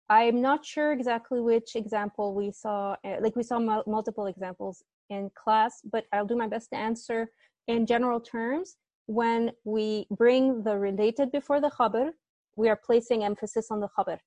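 A woman's voice: on the high side, fairly even intonation, normal speed, a little mellow, no echo. A young woman teaching assistant explaining grammar in an online tutorial, hesitant and often apologizing.

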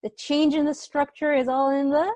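A woman's voice: sits high, flat delivery, normal speed, a little mellow, no room sound. Apologetic young woman tutoring online. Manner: apologetic, hesitant explaining. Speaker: teaching assistant.

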